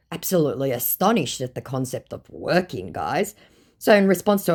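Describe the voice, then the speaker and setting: A woman's voice: very deep voice, moderate pace, husky. An Australian woman narrating scam-baiting chats in a casual, dry, sarcastic way. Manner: dry, sarcastic, deadpan asides.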